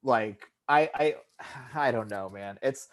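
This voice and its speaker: Man, 30s, podcast co-host, casual chat, lively, jumps into silly quote voices. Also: mid-range voice, slow. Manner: animated, swearing, acts out quotes in funny voices.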